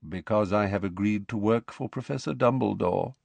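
Brief: calm, lofty male centaur teacher, low and unhurried, disdainful of humans, voiced by a male audiobook narrator. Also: gravelly, breathy edge, dry recording. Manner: calm, measured, quietly disdainful.

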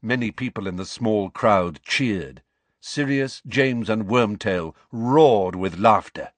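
Slow, expressive male audiobook narrator. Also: lowish voice, no room sound. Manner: expressive, dramatic.

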